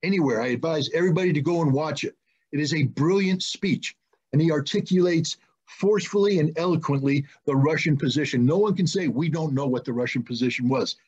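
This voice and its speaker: A man's voice: on the high side, a little fast, a little mellow, breathy edge. A middle-aged man, a guest in an online discussion, explaining at length in an emphatic, insistent way and repeating his key points. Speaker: guest, former weapons inspector. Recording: muffled lo-fi online call audio.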